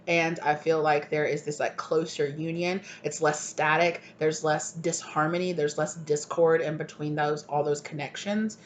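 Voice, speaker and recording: A woman's voice: sits low, little pitch movement, normal speed, hardly any pauses. A woman giving a channeled collective tarot reading, rambling and gushing and often asking "right?". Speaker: tarot reader. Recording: dull lo-fi recording, faint hiss.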